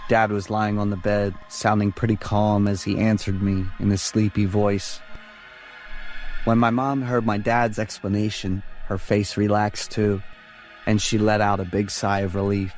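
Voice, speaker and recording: A man with a low voice tells a horror story in steady, even first-person narration. The delivery stays measured from one line to the next, as in a bedtime scary story. A faint music bed sits underneath.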